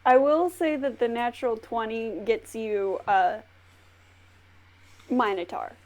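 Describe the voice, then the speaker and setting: A woman game master narrates a tabletop game in a casual, rambling way. Her delivery is slow and full of fillers. Her voice sits slightly high.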